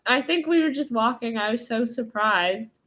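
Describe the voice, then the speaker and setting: A woman's voice: a little high, moderate pace, fairly bright tone. A young woman co-hosting a casual chat with her father, talking with chatty enthusiasm. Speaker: podcast co-host, daughter.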